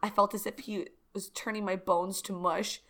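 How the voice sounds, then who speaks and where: A woman's voice: mid-range voice, level tone, moderate pace, fairly bright tone. A woman co-hosting a podcast, reading fan fiction aloud and breaking off to joke and comment. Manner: dramatic reading broken by laughing commentary. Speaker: podcast co-host.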